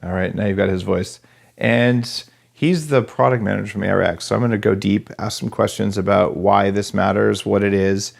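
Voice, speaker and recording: A man's voice: on the low side, steady tone, normal speed, gravelly. A man from New Mexico hosting a podcast interview, chatty and fond of jokes. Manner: chatty, joking. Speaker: podcast host.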